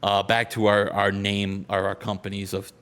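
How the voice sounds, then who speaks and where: Excitable man in casual gaming chat. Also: fairly low pitch, normal speed. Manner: excitable, laughs often, trails off mid-sentence. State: out of breath. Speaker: co-host of a wrestling sim series.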